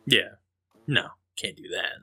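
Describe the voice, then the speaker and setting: Bright-voiced laid-back male podcast host. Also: takes it slowly. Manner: laid-back, chuckling, joking. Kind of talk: casual comic book podcast chat.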